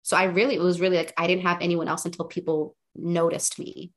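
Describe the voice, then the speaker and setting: A young woman journalist, a guest on a podcast, recounts her career in a chatty, animated way packed with fillers. Her voice sits on the low side and she talks fast, like casual interview storytelling.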